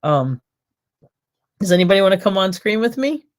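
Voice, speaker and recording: A woman's voice: medium pitch, big pitch swings, normal speed. A woman hosting a casual home livestream, chatting and rambling directly to her viewers. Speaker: cooking show host. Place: home, by a back window.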